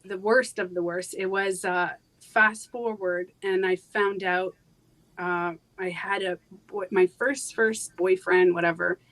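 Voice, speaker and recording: Woman guest telling her life story on a live show, lots of ums and restarts, goes quiet on the hard bits. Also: lowish voice, fairly even intonation, poor audio. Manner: halting, with frequent fillers and restarts. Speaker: interview guest. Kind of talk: personal storytelling in a live interview.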